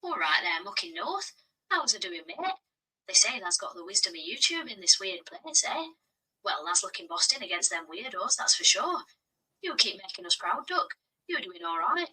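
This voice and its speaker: AI woman voice playing a folksy Yorkshire local, lively pitch, heard from a distance. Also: normal speed, breathy edge, heavily acted. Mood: chummy. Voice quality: synthetic AI voice. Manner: folksy, calls people duck and sweetheart. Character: chummy Yorkshire voice called Tyke.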